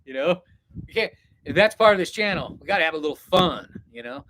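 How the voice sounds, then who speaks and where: A man's voice: sits high, animated, brisk, very noisy. Casual live-stream vlogger, male, meandering and reflective, chatting directly to viewers. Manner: meandering, reflective, talks straight to chat. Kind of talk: rambling casual live chat. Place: indoors, packing for a trip.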